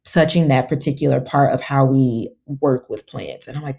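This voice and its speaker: A woman's voice: a bass voice, moderate pace, creaky, dark tone, breathy edge. A woman herbalist, a guest on a podcast, telling stories in casual conversation and acting out her own quotes.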